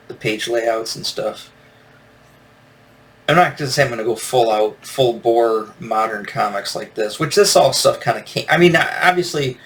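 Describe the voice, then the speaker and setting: A man's voice: mid-range voice, a bit bright. Rambling man reviewing comics, distant mic. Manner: rambling, many fillers and restarts. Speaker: podcast host reviewing comics. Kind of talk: casual solo review. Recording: distant from the mic with faint noise.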